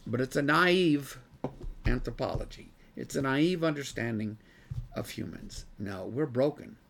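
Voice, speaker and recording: A man's voice: medium pitch, animated, a little slow, gravelly, a little hiss or hum. A man teaching a Bible study class in an earnest way who gets worked up and says he is losing his voice.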